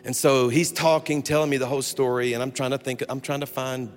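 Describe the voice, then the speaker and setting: A man preaching as a pastor, telling a funny personal story in an animated way and breaking off to restart his sentences. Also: mid-range voice, a little fast. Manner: animated, humorous, self-interrupting storyteller. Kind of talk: storytelling sermon. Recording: long hall reverb with faint music.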